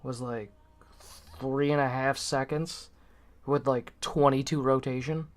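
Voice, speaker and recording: A man's voice: mid-range voice, fairly even intonation, a little slow. A man chatting casually on a stream, laid-back, swearing often and filling with "like". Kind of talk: casual chat.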